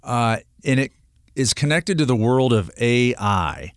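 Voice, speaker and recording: A middle-aged man hosting a talk radio show, speaking at a plain mid pitch. He talks earnestly and rambles, stopping and restarting often. His voice is close and dry in a studio. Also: expressive, measured pace, dry recording. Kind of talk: casual radio talk segment.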